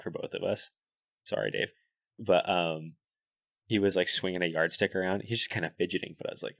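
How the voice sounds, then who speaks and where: A young man chatting as a podcast guest, telling animated, swear-laden stories full of "like" and "dude". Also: sits low, creaky, no echo, clean studio sound. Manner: animated storyteller, swears freely, fillers like "like" and "dude". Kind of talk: casual podcast chat.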